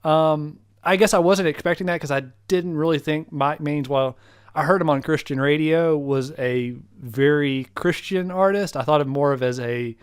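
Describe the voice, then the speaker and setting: Smooth-voiced young man, rambling chat. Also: on the high side, normal speed, no echo, studio quality. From United States. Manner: rambling, reflective storytelling. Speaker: podcast co-host. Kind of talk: casual chat.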